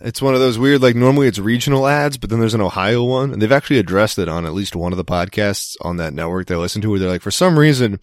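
Low-voiced man joking around on a podcast. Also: fast talker, few pauses, no room sound, clean studio sound. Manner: rambling, jokey, swears casually. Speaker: podcast co-host. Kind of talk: casual chat.

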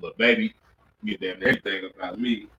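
Fast-talking joking man in his thirties. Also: fairly low pitch, sing-song, gravelly, sharp tone, slight background noise. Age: 30s. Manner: rapid joking slang-heavy banter. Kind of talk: casual chat. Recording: roomy, distant, dull lo-fi mic.

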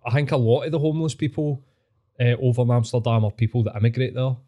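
A man's voice: medium pitch, fast talker, dull audio. Sweary Scottish man telling stories. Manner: sweary, rambling storyteller who laughs often. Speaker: podcast host. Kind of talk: casual chat.

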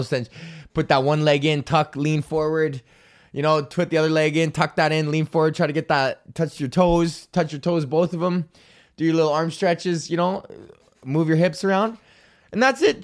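A man's voice: a little high, fairly even intonation, normal speed. A man hosting his own podcast, talking in a rambling, profane, self-mocking way. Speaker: podcast host. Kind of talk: casual solo podcast rant.

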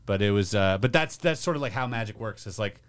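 A man's voice: on the low side, animated, fast talker. A male comedian on a casual podcast, riffing loosely with plenty of swearing.

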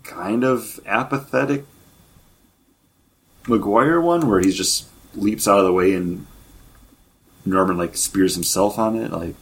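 Podcast co-host from New York, opinionated and wry, lowish husky voice. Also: male voice, measured pace, long pauses. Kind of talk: casual film chat.

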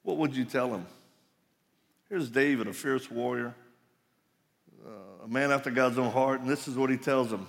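Gravelly man preaching in a hall. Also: medium pitch, moderate pace, long pauses. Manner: folksy storytelling with laughs and asides. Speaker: conference speaker. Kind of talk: live sermon to men. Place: large hall, live audience. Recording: reverberant hall.

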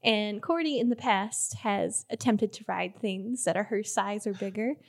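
A woman's voice: medium pitch, a little slow. A woman playing a tabletop role-playing game, giggly and playful, trying out silly voices. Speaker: player.

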